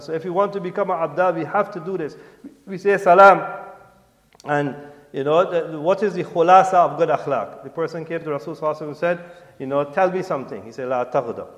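A middle-aged man gives an earnest sermon, his voice slightly high for a man and dropping low at the end of each point. He quotes Arabic and translates it line by line, checking in with the congregation again and again. A long reverb from the large prayer hall hangs behind him. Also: muffled recording. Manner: code-switches, often asks "you understand?", quotes Arabic and translates it. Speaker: preacher addressing a mosque congregation. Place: mosque.

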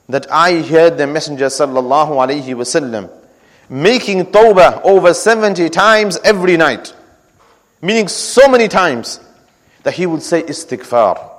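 Preacher, male, slightly higher voice, earnest sermon delivery, long hall reverb. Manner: earnest storytelling, recites scripture in quick chant.

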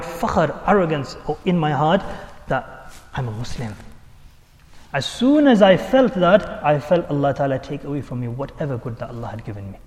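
A man's voice: on the high side, big pitch swings, moderate pace, darkish tone, big-room sound. A man preaching and telling a story with strong emotion, acting out the voices of the people in it. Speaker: Islamic preacher. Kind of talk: sermon storytelling.

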